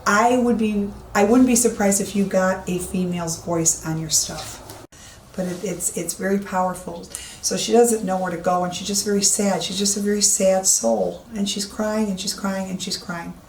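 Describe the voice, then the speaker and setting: A woman's voice: medium pitch, steady tone, normal speed, a little mellow. A woman psychic medium giving walk-through commentary, speaking emphatically and repeating herself, inside an empty old building. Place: empty old police station indoors. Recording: echoey room, faint background hiss.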